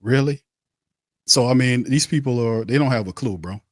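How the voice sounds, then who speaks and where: A man's voice: mid-range voice, normal speed, no room sound, clean studio sound. A man hosting a postgame sports show. He rants bluntly and heatedly and keeps repeating his phrases. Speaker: sports talk show host.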